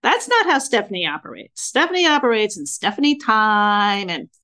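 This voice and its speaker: Woman, 60s, podcast host; lively storyteller, average pitch. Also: normal speed. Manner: animated storyteller acting out her own reactions. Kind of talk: casual interview chat.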